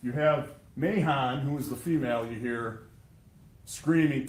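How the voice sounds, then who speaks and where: A man's voice: medium pitch, expressive, unhurried. A man giving a prosecutor's closing argument to a jury, emphatic and sarcastic. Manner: emphatic and sarcastic, addressing jurors. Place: courtroom. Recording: echoey courtroom sound.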